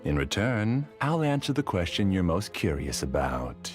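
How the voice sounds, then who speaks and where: An actor playing a courteous, scheming scholar in a game, smooth and quietly sinister. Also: male voice, sits low, sing-song, moderate pace, soft background music. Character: polite scheming man, scholar hiding secrets. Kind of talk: game character dialogue.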